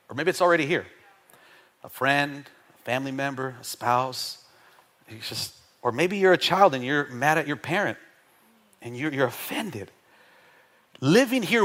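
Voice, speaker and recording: A middle-aged man preaching a sermon, his voice bright, forward and ringing. He swings widely in pitch, dropping low and quiet, then rising high and loud. He jokes and calls for responses from the congregation. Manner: animated, playful preaching with jokes and call-and-response. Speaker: pastor. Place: church sanctuary.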